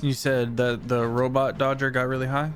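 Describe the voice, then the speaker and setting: A man running a tabletop game as game master, slowing down to draw out eerie descriptions. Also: mid-range voice, level tone, faint music behind. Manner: slows down for eerie, drawn-out description.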